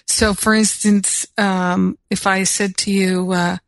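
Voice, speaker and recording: A woman hosting a spiritual talk show, chatting casually with frequent laughs before leading a gentle prayer. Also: medium pitch, flat delivery, no echo. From United States. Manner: unhurried, laughs often, fillers. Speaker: spiritual teacher and show host.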